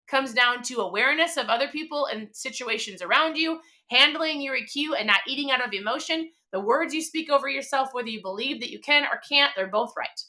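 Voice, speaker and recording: A woman's voice: high-pitched, bright, forceful tone. A woman in her thirties hosting a motivational live stream, talking emphatically and chattily with many fillers.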